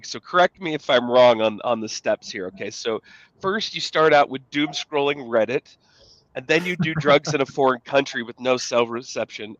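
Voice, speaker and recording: A man's voice: medium pitch, a bit bright, no echo, dull audio. A middle-aged man co-hosting a podcast, joking and rambling with plenty of fillers and restarts. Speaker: podcast co-host. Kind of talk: casual podcast conversation.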